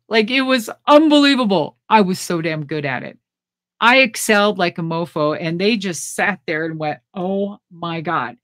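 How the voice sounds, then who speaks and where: A middle-aged woman, a former pro wrestler, telling stories in a casual interview with blunt, profane, animated talk and frequent laughs. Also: mid-range voice, no echo, clean studio sound.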